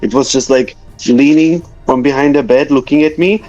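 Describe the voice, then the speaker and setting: A man from Slovakia with a Slovak accent recounts his story in a hesitant, filler-heavy way, his phrasing plainly nonnative. He is in his thirties and talks at a mid pitch. The audio is muffled and lo-fi, with faint music running behind him. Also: normal speed, a little mellow. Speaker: guest. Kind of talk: casual storytelling interview.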